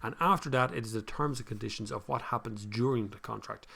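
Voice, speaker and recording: An older man with a Kildare Irish accent, hosting a casual live stream, reading viewer comments and giving blunt, animated advice. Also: medium pitch, fast talker, vocal fry, slightly rough. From Ireland.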